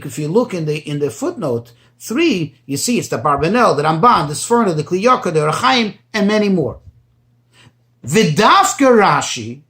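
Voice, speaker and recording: A man's voice: sits high, fairly bright tone. Male rabbi, patient tutorial delivery, translates and repeats as he teaches. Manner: explains slowly, translating Hebrew phrases and restating points. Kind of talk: Torah study tutorial.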